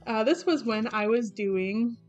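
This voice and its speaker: A woman's voice: a little high, a little slow, darkish tone. A young woman talking through her sketchbook in a casual, rambling way, with lots of fillers and self-corrections. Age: young adult. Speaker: artist vlogger. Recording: faint background music. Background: background game music.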